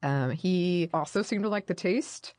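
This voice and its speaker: A woman's voice: on the low side, measured pace, darkish tone, no room sound. A woman co-hosting a casual studio chat, sharing food history and reading quotes in a put-on voice. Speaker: podcast co-host. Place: recording studio.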